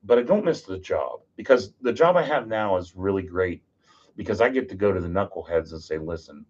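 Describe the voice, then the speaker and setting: A man, a podcast guest, telling stories in a casual, animated, joking way and acting out what people said. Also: low-pitched, a little fast. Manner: animated, jokey, acts out quotes. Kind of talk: casual storytelling. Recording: dull lo-fi podcast audio.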